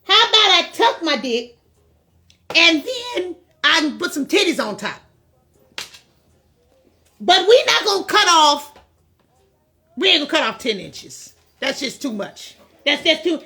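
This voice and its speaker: A woman playing a loud, boastful grown man. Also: extremely high pitch, sing-song, moderate pace, pauses often, pitched above the performer's own voice, full character voice. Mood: insistent.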